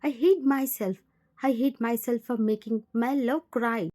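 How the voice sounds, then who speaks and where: Woman playing a remorseful man in his late forties, Indian English accent, warm tone. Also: a little high, steady tone, measured pace, natural voice. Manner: pleading, guilt-ridden.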